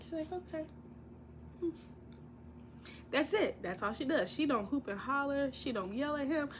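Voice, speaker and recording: A woman's voice: high-pitched, normal speed, noisy background. A young woman casually recapping a reality show, telling the story with lots of laughter and acted-out quotes. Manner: animated storytelling, acting out quotes, frequent laughter. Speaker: commentary vlogger.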